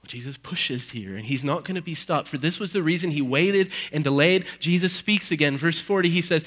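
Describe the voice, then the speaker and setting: A man with a fairly high voice preaches an Easter sermon in a church. His delivery swings from forceful, ringing emphasis down to quiet, low-key stretches, and he reads scripture aloud with dramatic weight. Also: a little fast, few pauses, poor audio. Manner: dynamic preaching, swinging from loud emphasis to hushed low passages. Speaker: pastor.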